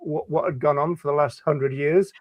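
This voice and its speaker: A man hosting a live video show, chatty and jokey, talking with some halting restarts on a video call. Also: a little high, no echo. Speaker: host.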